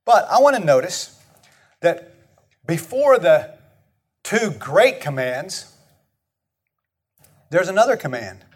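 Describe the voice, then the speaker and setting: High-voiced Texan preacher. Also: male voice, sing-song, slow pace, pauses often, breathy edge. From Texas. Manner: folksy, emphatic repetition, leads the congregation in call-and-response. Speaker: pastor. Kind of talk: sermon.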